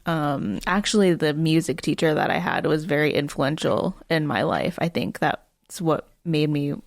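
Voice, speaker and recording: Low creaky-voiced woman guest. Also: expressive, normal speed, no echo, clean studio sound. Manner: chatty, storytelling with many fillers. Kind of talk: casual conversation.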